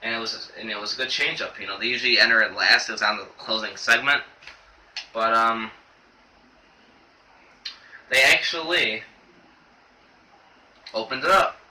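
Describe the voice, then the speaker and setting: In a casual video review, a young man works through a wrestling show in a halting, filler-heavy ramble, choked up, his mid-range voice bright and tense. He's far from the mic, recorded by a set-back camera mic in an echoey room with faint noise behind him.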